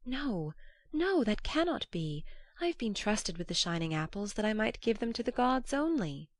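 A woman's voice: mid-range voice, sing-song, moderate pace, dry recording, clean studio sound, voice pushed up, close to an everyday voice. A woman reading aloud, voicing a fair, simple young goddess who speaks earnestly and pleads. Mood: pleading.

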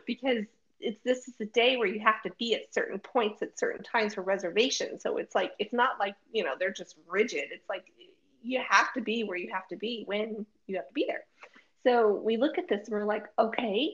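A woman co-hosting a casual chat, telling a travel story with lots of laughter and acted-out quotes. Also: mid-range voice. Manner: animated, laughing often, acts out quotes. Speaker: podcast co-host. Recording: dull lo-fi audio.

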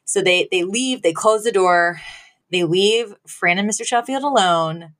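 A woman's voice: mid-range voice, a little slow. A woman co-hosting a podcast, retelling a sitcom episode in casual chat and laughing often. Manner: animated storyteller, laughs often. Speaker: podcast co-host.

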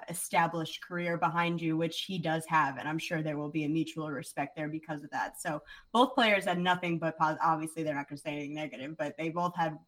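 A woman's voice: sits low, low-quality recording. A woman sports reporter, a podcast guest, telling stories in casual chat, laughing often and saying "like" a lot. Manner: animated storyteller, laughs often, says "like" a lot.

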